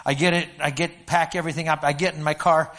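An older man from Alberta, Canada, preaching a sermon and telling a story with stammering restarts and animated storytelling. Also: fairly high pitch, fast. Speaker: pastor.

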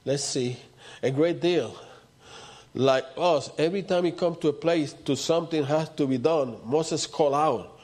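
A man's voice: on the high side, unhurried, darkish tone. A man preaching a sermon, repeating his points and building to emphatic outbursts.

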